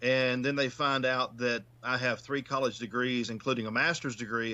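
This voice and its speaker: A man's voice: mid-range voice, fairly even intonation, moderate pace, sharp tone, lo-fi sound. A man with a Southern US accent, a podcast guest talking things through and stumbling over repeated words. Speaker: guest, paranormal investigator. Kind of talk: casual chat.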